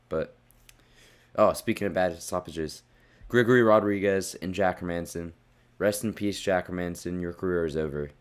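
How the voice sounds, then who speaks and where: A young man with a low voice tears through a casual fight recap, blunt and profane. He gets heated and loud at times, and his voice sounds a bit worn from shouting. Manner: blunt, profane, worked-up rants. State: losing his voice. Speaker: fight reviewer.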